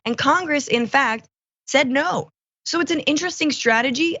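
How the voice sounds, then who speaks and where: A woman co-hosting a political commentary show, speaking casually with sarcastic, expressive mockery. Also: sits high, normal speed, dry recording, muffled recording. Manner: sarcastic, expressive, mocking impressions.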